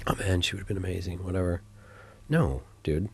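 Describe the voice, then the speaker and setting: A man co-hosting a podcast, telling stories in an animated, laughing way. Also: sits low, rapid-fire, gravelly, husky. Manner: animated storyteller, laughs often. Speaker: podcast co-host. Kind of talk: casual chat.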